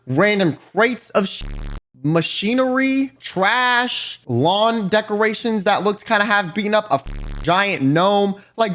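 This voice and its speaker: A man tells a storytime vlog story in a high, very lively voice. His delivery is animated, loose and full of swearing. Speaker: vlogger.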